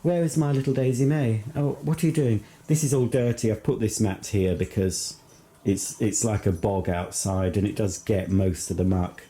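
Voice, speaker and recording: A man's voice: lowish voice, fairly even intonation, moderate pace, mellow. A man with a Yorkshire accent chatting casually to camera as a vlogger, rambling and homely with lots of ums.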